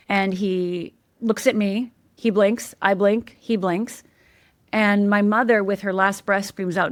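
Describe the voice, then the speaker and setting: A woman's voice: medium pitch, steady tone, measured pace, no echo, clean studio sound. Candid, emphatic middle-aged woman storyteller. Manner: candid, emphatic, checks in with "right?". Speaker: guest, life coach. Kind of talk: personal storytelling in a podcast interview.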